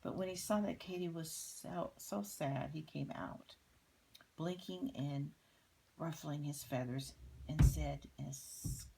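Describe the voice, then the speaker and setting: An older woman reading a picture book aloud, gently pointing out details in the pictures. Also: sits low, slow pace, gravelly, noisy background. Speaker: grandmother reading to children.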